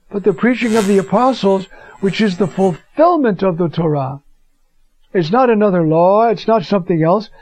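A man's voice: sits high, mellow, dry recording. An older man giving an informal Bible lesson. He tells personal stories in a folksy way and keeps asking "you see?". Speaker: Bible teacher. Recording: dull lo-fi dry recording.

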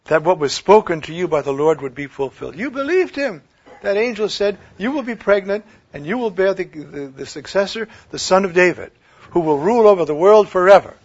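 A man preaching a sermon, swinging from loud declaiming to hushed near-whispers. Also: sits high, sing-song, fairly quick, slightly rough. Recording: dull lo-fi recording.

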